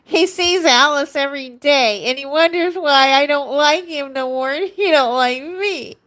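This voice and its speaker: A woman putting on a silly, childlike funny voice, playing a wife griping about her husband in a deliberately annoying way. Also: high-pitched, a bit bright, voice pushed up, rough recording. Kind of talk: live-stream joke voice.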